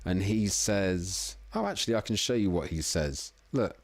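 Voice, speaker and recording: A man's voice: deep voice, animated, moderate pace, no echo. A man hosting a casual live music-making stream from home, chatty and self-deprecating, a little tipsy. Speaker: livestream music producer host. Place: home room in the evening.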